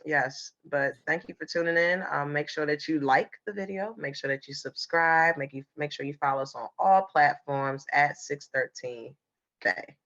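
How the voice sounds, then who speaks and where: A woman's voice: low-pitched, moderate pace, a bit bright. A woman co-hosting a podcast in casual chat, teasing and playful, laughing often while sick. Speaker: podcast co-host. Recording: slightly dull lo-fi sound.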